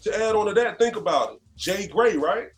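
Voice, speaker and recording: A man from North Carolina, a guest musician telling stories in a casual interview, animated and conversational. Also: sits high, a little fast, loud music behind the voice. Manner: animated, conversational, leans on "you know what I'm saying".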